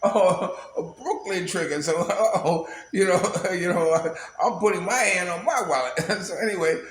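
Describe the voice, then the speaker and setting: Male vlogger, slightly high voice, rambling anecdotes full of fillers and chuckles, echoey room with faint noise. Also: normal speed, a bit bright. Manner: rambling, laughs often, many "you know" fillers. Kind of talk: casual storytelling monologue.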